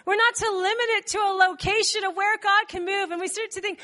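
High, bright-voiced woman preacher. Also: moderate pace, hardly any pauses. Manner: animated storytelling, acting out voices with laughs. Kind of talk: sermon. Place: church.

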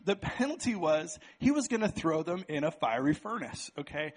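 A man's voice: on the high side, animated, moderate pace, hardly any pauses, breathy edge. A man preaching to a church congregation, casual and chatty, often checking in with "right?" as he runs a live object lesson. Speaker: pastor. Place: church sanctuary with band.

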